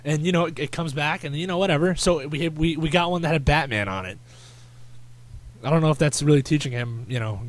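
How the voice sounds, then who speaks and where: A man hosting a podcast, telling rambling stories in casual chat with crude slang. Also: a little high. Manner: rambling storyteller, fillers and restarts, crude slang. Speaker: podcast host.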